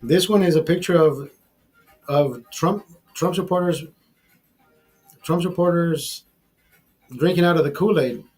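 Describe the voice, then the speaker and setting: A man talks casually on his livestream with a slightly raised, husky voice. He rambles, repeats phrases and swears freely. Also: on the high side, measured pace, long pauses, darkish tone, soft background music. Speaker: livestream host.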